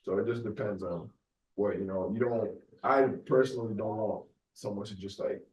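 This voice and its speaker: A young Nigerian-born man hosts his podcast alone, talking in a mostly American accent that lets a Nigerian lilt slip through. His voice sits low and mellow, loose and rambling with constant "you know"s. He sounds a little off the mic in an echoey room. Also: fairly even intonation, normal speed, recorded from a distance, a little hiss or hum. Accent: American with a light Nigerian accent. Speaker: podcast host. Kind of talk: casual solo podcast monologue.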